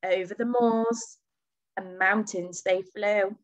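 A woman reading a children's picture book aloud, expressive with dramatic pauses, on a muffled recording. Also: medium pitch. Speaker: storybook reader.

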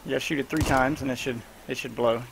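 A man with a gravelly voice at an everyday, middling pitch chats casually while he plays. He gives a teammate quick, offhand instructions in a loose, easygoing way. A faint hiss sits under the recording. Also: fairly even intonation. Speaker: gamer streaming his own play. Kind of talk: casual gameplay commentary to a teammate.

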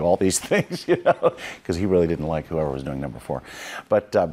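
In a documentary interview, a creature effects artist looks back on a film shoot, acting out what people said and laughing at himself in an animated way. His voice is deep and his delivery brisk.

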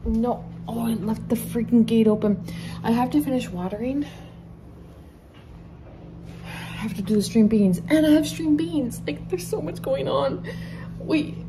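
A woman talks to her viewers from her garden, out of breath and emotional, her words tumbling out in a rush. Her voice sits a little high, and she slips into hushed whispers now and then. A faint hiss of outdoor noise sits behind her. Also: a little slow, pauses often. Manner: excitable and emotional, lots of "like"; drops to hushed whispers near the nest. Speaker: vlogger. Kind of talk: casual vlog to camera. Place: outdoors in a home garden and deck.

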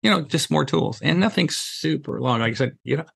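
A man's voice: on the high side, expressive, brisk, creaky, fairly bright tone, slightly rough, no room sound. A middle-aged man, a guest on a podcast, telling stories casually and acting out bits of dialogue, with lots of "you know" fillers. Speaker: podcast guest, safety trainer. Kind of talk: casual conversational storytelling.

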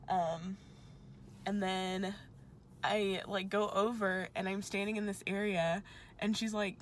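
A woman's voice: mid-range voice, little pitch movement, slight background noise. A young woman, rambling and emotional as she vlogs just after finishing an exam. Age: young adult. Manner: rambling, emotional, talks in quick asides. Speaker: vlogger. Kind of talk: casual vlog chat. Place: outside a testing center.

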